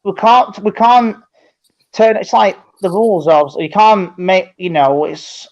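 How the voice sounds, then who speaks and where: A man's voice: high voice, measured pace, darkish tone, highs cut off. A man chatting casually on a football fan show, rambling and restarting his sentences. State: tired.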